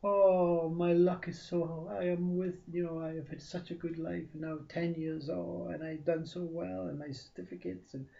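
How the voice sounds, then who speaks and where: A man's voice: on the high side, little pitch movement, normal speed, vocal fry, hardly any pauses, mellow, pitched above the performer's own voice. A man voicing an exhausted but overjoyed young male graduate in a told story, exclaiming his thanks in breathless bursts. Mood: elated, grateful. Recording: dull lo-fi recording.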